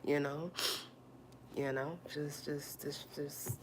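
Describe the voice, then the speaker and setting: A woman hosting a livestream, talking softly and repeating herself as she consoles viewers, then turning sassy while reading comments. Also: low voice, flat delivery, takes it slowly, slight background noise. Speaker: livestream host. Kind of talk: casual livestream talk to viewers.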